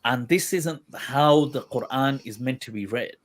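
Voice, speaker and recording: A man's voice: mid-range voice, a little slow. A man hosting a livestream discussion, thinking aloud in a meandering way, with many restarts. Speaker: Islamic scholar, livestream host.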